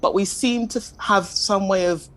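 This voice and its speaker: A woman speaking as a panelist in a discussion, measured and questioning, often admitting she is ready to be corrected. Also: mid-range voice, low-quality recording. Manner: measured, questioning, self-deprecating.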